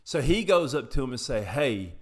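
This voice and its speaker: A man's voice: on the high side, expressive, fairly quick. A young adult man from Appalachia telling a personal story in a casual, rambling, profane way, with frequent tangents.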